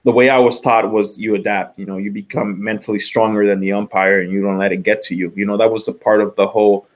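A middle-aged man with a low voice talks casually on a podcast. He rambles, restarting his sentences and leaning on fillers as he goes. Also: flat delivery, fast talker. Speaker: podcast co-host, former college pitcher. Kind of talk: casual sports chat.

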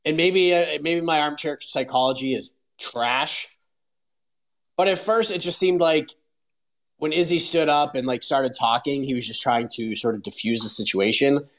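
The clip has poor audio and features a man in his forties with a fairly high voice, talking at a normal speed. As host of the show, he tells stories in an offhand, animated way, leaning heavily on "like" and similar fillers.

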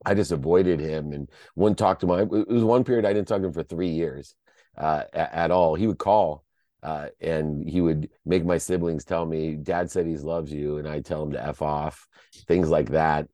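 Deep-voiced man telling a heartfelt story. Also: fairly even intonation, moderate pace, mellow, no room sound. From United States. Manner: heartfelt, choked up at times, restless repeated starts. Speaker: podcast guest. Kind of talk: emotional personal storytelling.

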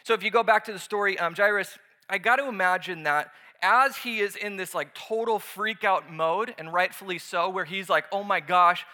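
A man preaching a sermon, lively and conversational, acting out voices when he tells stories. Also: high-pitched, moderate pace, hardly any pauses. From United States. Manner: animated, acts out voices in anecdotes. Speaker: pastor.

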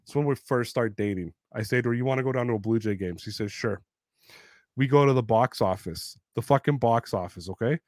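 Picture a man in his thirties spinning baseball yarns on a casual podcast, swearing freely and building each story with energy. His voice sits at an ordinary middle pitch. The sound is dry and close, with no room around it. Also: a little fast, no room sound. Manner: profane, animated storyteller. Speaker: podcast co-host. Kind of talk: casual sports chat.

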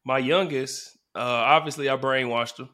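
A man's voice: medium pitch, normal speed. A man, a former football player, telling stories in casual sports talk and acting out the fans around him. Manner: animated storyteller, acts out fans in the stands.

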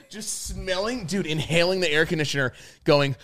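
Young male co-host, slightly high voice, animated profane storyteller who acts out the quotes. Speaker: podcast co-host. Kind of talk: casual storytelling chat.

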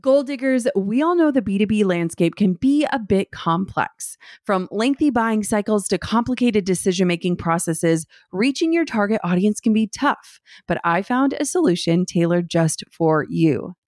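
A woman's voice: mid-range voice, animated, moderate pace, few pauses, a little mellow, no room sound, clean studio sound. A young woman, a podcast host and mother, talking casually with lots of "like" and quoted asides, and also reading sponsor spots. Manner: chatty, with many likes and quoted asides. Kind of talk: casual conversation and ad read.

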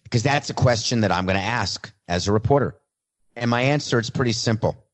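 A man's voice: mid-range voice, fairly quick. A man doing a comedic sports monologue, talking in casual, self-mocking asides. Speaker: sports commentator.

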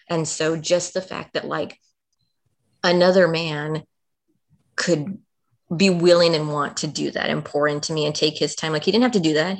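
A woman with a low, gravelly voice shares a personal story as a podcast guest. She talks earnestly and emotionally, and "like" runs all through her speech. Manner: emotional, earnest, heavy on "like" fillers.

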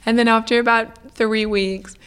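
A young woman, a food business founder, telling stories in a casual interview in a chatty, lively way, acting out what people said. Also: on the high side, moderate pace, smooth. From United Kingdom. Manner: chatty, lively, many "like" fillers, acts out quoted dialogue.

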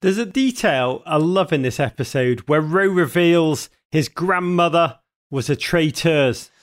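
A man hosting a podcast interview, enthusiastic and quick to laugh. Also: a little high, animated. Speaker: podcast host. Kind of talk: casual interview chat.

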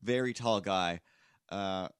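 Man, low-pitched, dry close mic, casual rambling podcast host. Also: takes it slowly, clear, resonant tone, dry recording. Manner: rambling, self-deprecating, acts out voices in stories. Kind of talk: casual chat, storytelling.

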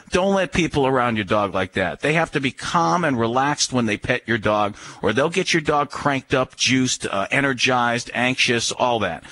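A man's voice: medium pitch, sharp tone, no echo. A man giving firm, instructive dog-handling advice in a casual radio chat.

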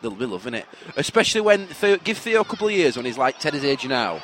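Lively, laughing Yorkshire man. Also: mid-range voice, quick pace, a little hiss or hum. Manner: laughs a lot, playful teasing. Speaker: podcast co-host. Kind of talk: casual banter.

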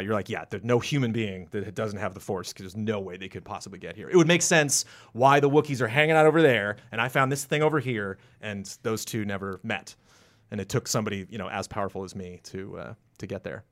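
A man in casual podcast chat, rambling and animated, acting out quotes with sudden jumps into a high voice. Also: fairly quick. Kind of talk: casual podcast chat about video games.

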